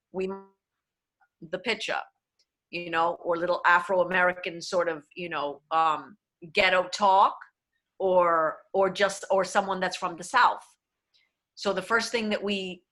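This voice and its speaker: Bright-voiced woman coaching diction. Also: fairly low pitch. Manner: explanatory, switches into Spanish phrases. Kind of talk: online workshop talk.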